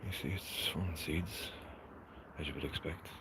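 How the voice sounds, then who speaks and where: A very deep-voiced Irish man hosts a laid-back live tour of his vegetable garden. He talks in a soft, mumbly way and often drops to a half-whisper. Outdoor noise runs clearly under his voice throughout. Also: fairly even intonation, moderate pace. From Ireland. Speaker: gardening livestream host. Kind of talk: casual live garden walkthrough. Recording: noisy outdoor livestream audio.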